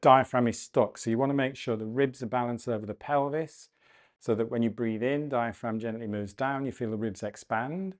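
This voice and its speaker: Calm male breathwork instructor, gentle cueing. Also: medium pitch. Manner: calm, gentle cueing with slowed repeated phrases. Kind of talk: guided exercise class instruction.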